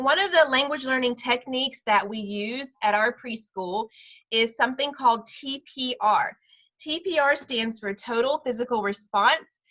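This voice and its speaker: A woman who runs a preschool, teaching parents over a video call, slowly modeling sounds and repeating each word. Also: fairly high pitch, pushed and bright. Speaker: preschool director teaching a parent Spanish class. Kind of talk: online class instruction.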